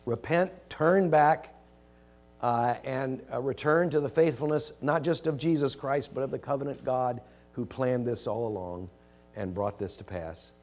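A man delivering a sermon at a mid pitch, racing through his material with frequent restarts. He swings from loud, emphatic lines to low, quiet asides. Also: faint music behind. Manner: animated, rising to emphatic quotes then dropping low and quiet; hesitant restarts, rushed. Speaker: preacher.

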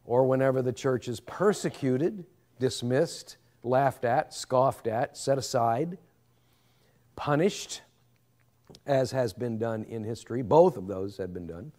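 A man's voice: mid-range voice, big pitch swings, slow pace, warm tone. Earnest man teaching a Bible lesson. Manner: earnest, reverent, thinking aloud.

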